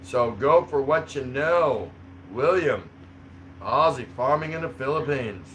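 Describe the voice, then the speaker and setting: A man's voice: mid-range voice, animated, unhurried, a bit bright, slight background noise, low-quality recording. A man hosting a livestream, reading out chat comments in a rambling, chuckling, easygoing way. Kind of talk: casual live chat. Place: home in the Philippines.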